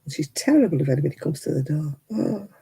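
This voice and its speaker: Gravelly husky woman in her seventies. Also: deep voice, expressive, fast, warm tone, low-quality recording. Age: 70s. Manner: rambling, chatty, chuckling storyteller. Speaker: crafting livestream host. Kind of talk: casual chat.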